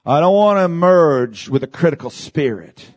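A male pastor delivering a sermon, calling out to the congregation and rising to shouts at the peaks. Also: animated, moderate pace. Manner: preaching with big swings in pitch, shouting at peaks; addresses congregation with calls of amen.

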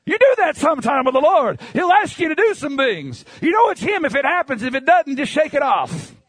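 Preacher, male, high-pitched, dry close sound, lively storyteller who shouts at peaks. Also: fairly quick, dry recording. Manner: animated storyteller, bursts into shouts. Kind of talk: sermon with personal testimony.

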